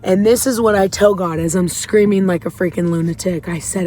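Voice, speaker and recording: A woman's voice: fairly low pitch, steady tone, brisk, mellow. A woman talking candidly and emotionally from a parked car in a parking lot, rambling a little as she shares her faith. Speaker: faith vlogger. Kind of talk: casual confessional vlog.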